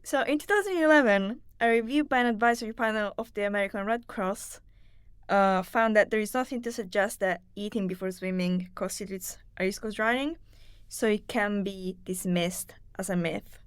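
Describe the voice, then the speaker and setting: A woman's voice: medium pitch, moderate pace, clean tone, dry recording. A woman with an Italian accent and a sore throat, co-hosting a podcast in a giggly, playful, easily distracted way. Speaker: podcast co-host. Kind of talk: casual podcast chat with bloopers.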